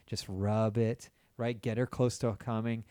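A man's voice: lowish voice, little pitch movement, unhurried, dark tone, smooth, no room sound. Brief: male host, crude and blunt, coaching others, mid-range voice, dry close recording. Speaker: podcast host. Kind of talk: casual explicit chat.

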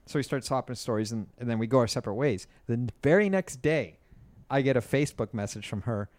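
A man's voice: mid-range voice, fast talker, darkish tone. A man in his forties co-hosting a podcast, blunt and crude as he tells stories. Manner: blunt, storytelling, crude humor. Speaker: podcast co-host. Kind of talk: casual podcast chat.

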